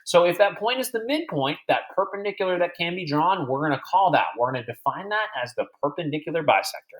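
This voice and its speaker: A man teaching a recorded math lecture over slides, chatty and digressive, quizzing imaginary students as if they were in class. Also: mid-range voice.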